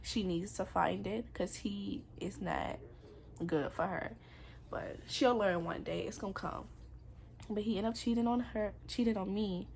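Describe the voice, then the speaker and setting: A woman's voice: mid-range voice, a little slow, vocal fry, darkish tone, a little hiss or hum. A young woman candidly telling a painful personal story in a confessional vlog, emotional and rambling.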